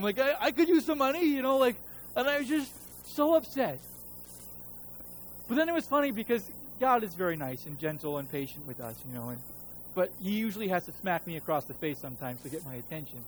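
High-voiced pastor telling a story. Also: male voice, expressive, fast, poor audio. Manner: conversational storytelling, acts out his own voice and God's. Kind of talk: sermon.

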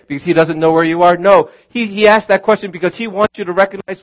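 A pastor preaches with earnest conviction, calling his listeners friends and repeating his key lines. His voice sits high for a man. The recording sounds dull and lo-fi. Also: little pitch movement, a little fast, few pauses. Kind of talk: sermon.

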